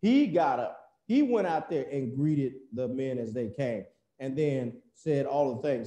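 An American man preaching a sermon in a church, telling the story in a folksy, animated way with many fillers. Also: mid-range voice, a little slow, reverberant. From United States.

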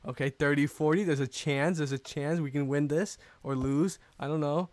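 A man's voice: a little high, fairly even intonation, normal speed, a little mellow, no room sound. A young man giving casual commentary over his own game, rambling and self-pitying with bursts of mock outrage.

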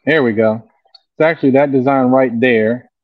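Easygoing airbrush artist, muffled dry sound. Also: male voice, mid-range voice, dry recording. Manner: slow, easygoing, lots of ums. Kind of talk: demonstrating while explaining.

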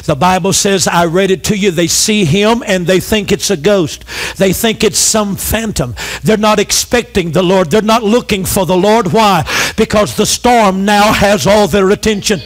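A middle-aged pastor with a notably high voice delivers a fervent sermon. He calls on the congregation to answer back and repeats key phrases, climbing into shouts. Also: normal speed. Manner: impassioned preaching with call-and-response.

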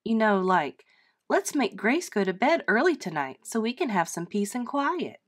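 A stubborn eight-year-old girl complains her way through a classroom play. A woman reading aloud voices her, lifting her voice a little higher and making it sound whiny and insistent. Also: very animated, moderate pace. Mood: protesting.

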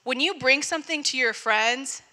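A woman's voice: high-pitched, normal speed, sharp tone, big-room sound. A young woman, giving a casual personal testimony at a young adults service and saying "like" often. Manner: conversational, fills with "like" often.

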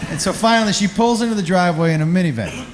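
A man's voice: sits high, rapid-fire, roomy sound, slight background noise. A man telling a crude, self-mocking stand-up story on a comedy club stage.

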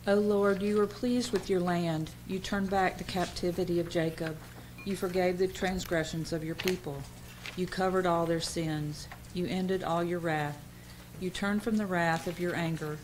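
A woman reading psalms aloud at a church service in a steady liturgical manner. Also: fairly low pitch, normal speed, rough recording. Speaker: reader. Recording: church recording with faint noise.

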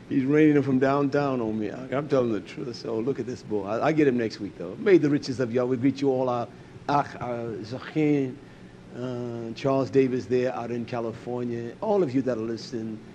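Animated older male preacher. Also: moderate pace, muffled recording, a little hiss or hum. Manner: animated, swings between loud bursts and low asides. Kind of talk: animated sermon.

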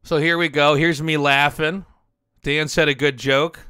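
A man in his thirties talks through fan drawings on a headset, laughing at them and swearing now and then. His voice is bright and clean, and his delivery is slow and unhurried. The sound is close and dry, with no room around it. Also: on the high side, level tone, clear, resonant tone, no room sound. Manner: laughs often, amused asides, swears. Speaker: streamer reviewing fan drawings. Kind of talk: casual stream commentary.

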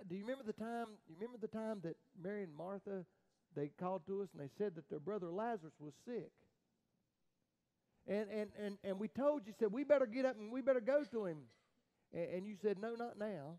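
A man with a high voice for his sex preaches a sermon as pastor. He tells the story dramatically, stumbling into repeated restarts, and his voice rises to loud cries before dropping to near-whispers. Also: brisk, poor audio.

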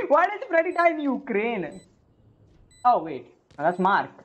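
A young woman, live-streaming games and chatting casually, excitable and swearing at the game. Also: a little high, unhurried, slightly rough. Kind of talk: casual live-stream chat while gaming.

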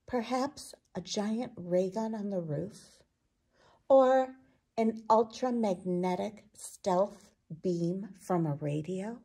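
Woman doing accusing scientists in a storybook, gravelly voice. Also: medium pitch, takes it slowly, dark tone. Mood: indignant. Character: fussy, suspicious group of astronomers.

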